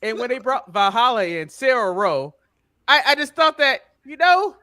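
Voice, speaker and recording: A man co-hosting a wrestling podcast in casual, animated chat with laughing banter and an American accent. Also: very high voice, moderate pace, no echo, clean studio sound. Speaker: podcast co-host.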